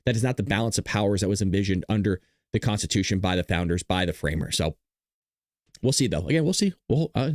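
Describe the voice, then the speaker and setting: A man's voice: lowish voice, expressive, fairly quick, no echo, clean studio sound. A man hosting a casual political livestream, chatting with viewers and laughing at his own jokes. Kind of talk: casual live commentary.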